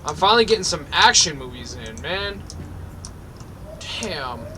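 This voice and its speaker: A man's voice: a little high, very animated, a little slow, background noise. A young man giving sweary, mock-angry let's play commentary. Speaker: gaming video host.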